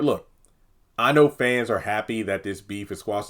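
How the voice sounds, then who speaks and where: Here a medium-pitched man talks at a moderate pace with lively intonation. He's hosting his own TV review channel, chatting casually and with exasperation, rambling, and occasionally performing characters' lines in this solo review.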